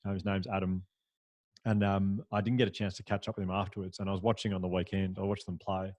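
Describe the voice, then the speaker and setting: A man, a podcast guest, telling a story in a lively, anecdotal way, with frequent restarts and fillers. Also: low-pitched, fast talker, no echo. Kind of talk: storytelling in a conversational interview.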